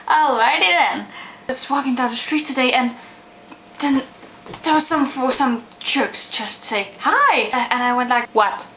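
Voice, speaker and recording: High-pitched hyper giggly woman vlogging. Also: unhurried, fairly bright tone, roomy sound, slight background noise. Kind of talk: silly casual webcam vlog.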